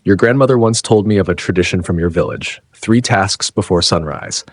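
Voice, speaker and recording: A patient, wise wife speaks in measured, firm sentences, voiced by a man. The voice sits very low with a husky grain, and the recording is close and dry. It suits a narrated story. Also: no echo.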